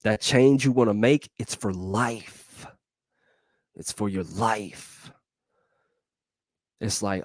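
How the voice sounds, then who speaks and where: A man's voice: fairly low pitch, slow, long pauses, dry recording. Slangy, repetitive male motivational host. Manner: slangy, repeats phrases, laughs between points. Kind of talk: casual motivational talk.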